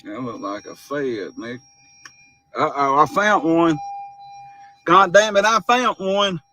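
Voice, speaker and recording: Slow, bright-toned man in a noisy clip. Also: fairly high pitch, animated.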